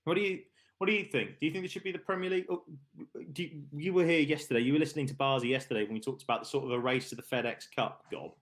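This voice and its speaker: A man's voice: a little high, very fast, fairly bright tone. A man hosting a live online darts stream, chatting casually with co-hosts, laughing and reading out viewer questions.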